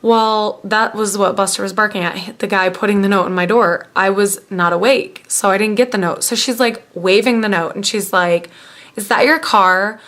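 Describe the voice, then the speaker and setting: A woman's voice: mid-range voice, fairly even intonation, moderate pace, few pauses, fairly bright tone. A young woman telling a casual personal story to camera, rambling and full of fillers. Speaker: vlogger.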